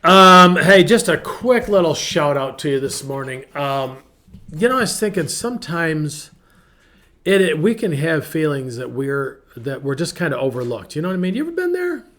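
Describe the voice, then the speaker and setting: Chatty, animated man giving a devotional talk. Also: a little high, moderate pace. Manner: chatty and animated, acts out quotes in varied voices. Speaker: ministry podcast host.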